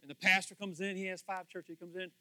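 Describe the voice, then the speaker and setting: A man preaching a lively sermon, swinging from hushed asides to loud excited bursts and laughing often. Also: sits high, fast talker, dry recording. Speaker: pastor.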